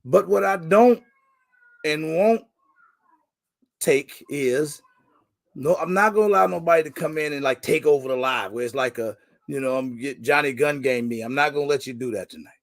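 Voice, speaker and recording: A man's voice: on the high side, normal speed, gravelly. A young man hosting a casual live stream, greeting viewers by name in a slangy, joking, laid-back way. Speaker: livestream host.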